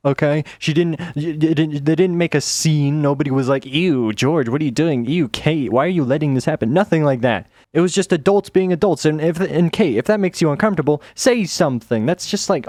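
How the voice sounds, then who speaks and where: A man's voice: mid-range voice, a little mellow, dry recording, studio quality. A man giving a ranting, sarcastic reaction commentary with mild swears. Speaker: commentary YouTuber.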